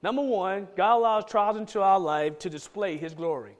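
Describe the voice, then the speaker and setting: A man's voice: sits high, normal speed. A man preaching a sermon in a church, talking with emphasis and repeating key lines for stress.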